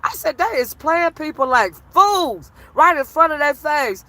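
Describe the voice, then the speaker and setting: Woman, reaction livestream host, high voice, giggly and petty, dry room. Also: lively intonation, normal speed, hardly any pauses, bright, forceful tone, no room sound. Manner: laughs a lot, talks to the chat, teasing and petty. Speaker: livestream commentator. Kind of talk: animated reaction commentary.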